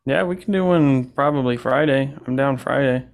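A man's voice: mid-range voice, moderate pace. A man co-hosting a podcast in casual chat, easygoing and explaining things matter-of-factly. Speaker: podcast co-host.

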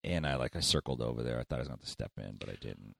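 A man's voice: rumbling low, expressive, rapid-fire, vocal fry, a bit bright, no echo. A middle-aged man co-hosting a podcast, chatting casually and telling stories with plenty of swearing. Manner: profane, storytelling, chatty. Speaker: podcast co-host. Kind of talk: casual chat.

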